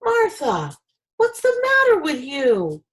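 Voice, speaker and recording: A woman doing a hot-tempered storybook farmer man who roars and grumbles through his lines, pitched high and loud when he yells. The voice keeps a gravelly edge. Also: sing-song, measured pace, exaggerated voice. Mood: blustering. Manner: yelling, gruff.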